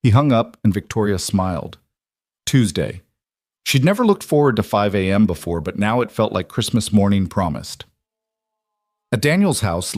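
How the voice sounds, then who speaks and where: Low-voiced man narrating a story. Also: a little mellow, no echo, clean studio sound.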